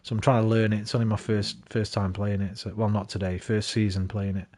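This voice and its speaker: A young man commenting on a football management game he is playing, swearing often and venting his frustration in loud bursts. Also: on the low side, flat delivery, fairly quick, slight background noise. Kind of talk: casual live commentary while playing.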